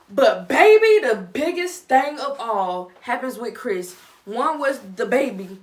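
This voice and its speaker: Young woman, casual vlog chat, animated reactions, fairly high voice, slightly off-mic. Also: a little slow, recorded from a distance. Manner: chatty, animated, dramatic reactions. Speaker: vlogger reviewing a reality show.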